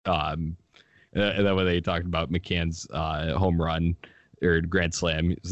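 Casting: very low-voiced male host, dry close sound, lively recap, frequent laughter. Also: measured pace, dry recording. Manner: animated, laughing, quoting others in lively bursts. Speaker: sports podcast host. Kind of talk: casual sports chat.

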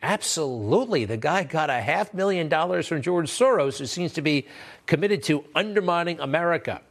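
A man's voice: on the high side, expressive, normal speed. A man hosting an opinion news show, talking in a sarcastic, combative way and repeating phrases for emphasis. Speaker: TV news commentary host.

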